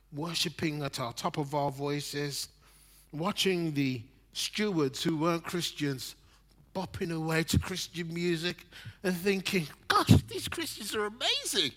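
A preacher in his sixties gives a sermon in a slightly higher-than-average voice, swinging between loud, emphatic lines and soft, almost whispered ones. He laughs at his own stories as he tells them.

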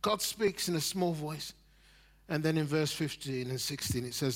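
A man in his sixties delivers a sermon in a slightly higher-than-average voice. He swings from loud, emphatic lines to soft, near-whispered ones, and laughs at his own stories as he goes. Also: normal speed. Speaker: preacher.

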